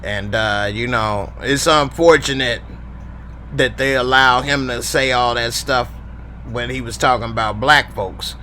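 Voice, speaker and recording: A man's voice: mid-range voice, a little slow, pushed and bright, a little hiss or hum. A man hosting a live show, reading fan comments in a laid-back, slangy, chatty way. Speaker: show host.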